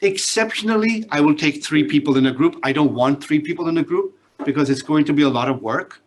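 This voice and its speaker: A man's voice: a little high, fairly quick, a little hiss or hum. A male business professor giving a class direct instructions, often checking in with "all right?".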